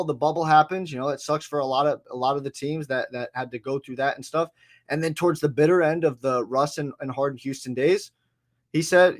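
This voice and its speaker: A man co-hosting a sports podcast, talking casually and animatedly, acting out quotes and swearing freely. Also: a little high. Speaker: podcast co-host.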